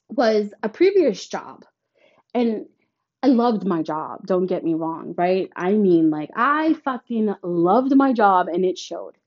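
Woman, podcast host, blunt and emphatic monologue, heavy swearing, somewhat high voice, muffled lo-fi audio. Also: a little mellow. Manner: blunt, emphatic and heavily profane. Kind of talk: spiritual channeling monologue.

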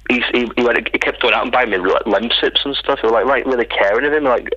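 A man's voice: medium pitch, quick pace, bright, forceful tone, breathy edge, dry recording, dull audio. A man, a writer guest in a casual interview, rambling and restarting as he tells stories. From England. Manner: rambling, self-interrupting storyteller.

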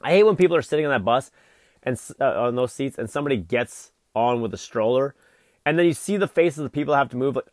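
A man's voice: medium pitch, expressive, fairly quick, no echo, studio quality. A young adult man hosting a vlog, delivering an exasperated, profane solo rant full of fillers. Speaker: vlog host.

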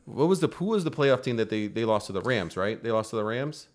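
A man hosts a podcast with a medium-pitched voice. His sports chat is casual, and he explains things at a relaxed pace. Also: fast talker. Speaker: podcast host.

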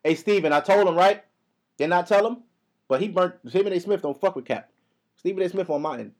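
A young man rants on his podcast in a high, fast, profane, heated flow. His voice sits above the usual male range. He speaks casually, as if to friends. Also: darkish tone. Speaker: podcast host. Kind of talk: casual ranting monologue.

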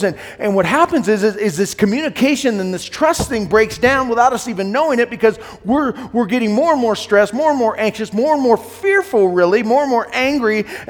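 A middle-aged man preaching a sermon to men, earnest and plain-spoken, often repeating words as he goes, sometimes loud and sometimes hushed. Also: high voice, long reverb tail. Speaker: pastor.

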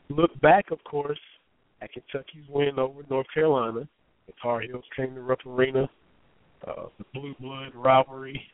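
A man in his thirties hosting a casual sports talk radio show, his voice still hoarse, chatty and folksy with many fillers. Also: mid-range voice. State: hoarse, recovering voice. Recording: tinny phone-line audio.

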